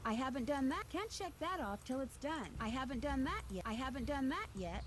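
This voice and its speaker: A woman's voice: high-pitched, sing-song, fairly quick, a little hiss or hum. An actress playing a young woman detective in a video game, stating her unfinished tasks in a matter-of-fact way. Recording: quiet game audio from further off.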